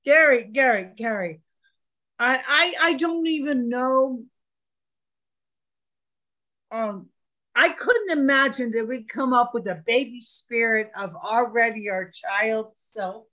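High-voiced woman gushing on a call. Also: slow, long pauses, pushed and bright. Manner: emotional, gushing, laughs easily. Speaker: caller on the video call. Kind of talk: casual chat. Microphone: video call.

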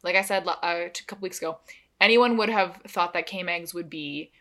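A young woman from Canada co-hosting a casual podcast, animated and opinionated, laughing often. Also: lowish voice, normal speed. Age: young adult. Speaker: podcast co-host. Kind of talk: casual chat.

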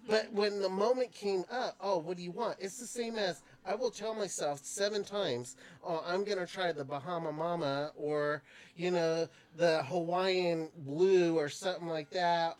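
A woman's voice: fairly low pitch, unhurried, darkish tone. A woman hosting a podcast, chatting casually with lots of laughter and fillers. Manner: laughing often, many fillers. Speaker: podcast host. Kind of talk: casual chat.

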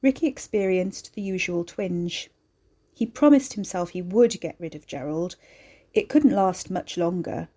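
A woman reading scripted horror story narration in a measured, deliberate way. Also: on the low side, animated, dark tone, breathy edge.

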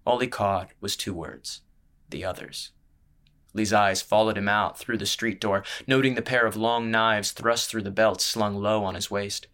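A man with a low-ish voice reads a fantasy tale as scripted audiobook narration. His reading voice is steady and measured, keeping an even storytelling pace from start to finish.

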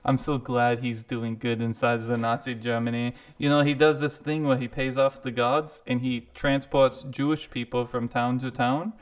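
A man's voice: medium pitch, little pitch movement, normal speed, few pauses, smooth, close to an everyday voice. A man voicing a gushing, affectionate family friend who chuckles as he praises a rescuer.

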